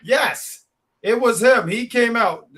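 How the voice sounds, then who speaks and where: Guy with a high voice cohosting a wrestling recap, cocky heel-style banter on a home mic. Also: expressive, a little fast, fairly bright tone. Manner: playful trash talk, playing the heel. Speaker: wrestling show co-host. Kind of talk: casual podcast review chat.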